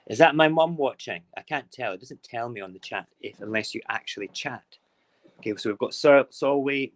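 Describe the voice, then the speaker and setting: A man's voice: lowish voice, a little hiss or hum, rough recording. A Scottish man hosting a casual morning live stream from home, chatty and fond of repeating words in playful runs. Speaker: live-stream show host. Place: home, moving between kitchen and windows.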